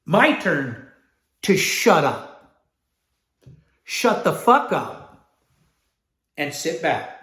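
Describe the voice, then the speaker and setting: A man's voice: on the high side, big pitch swings, very slow, pauses often, a bit bright. Blunt, profane man in an echoey room. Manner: blunt, profane, acts out sales dialogue. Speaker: sales trainer. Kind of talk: profane motivational sales class.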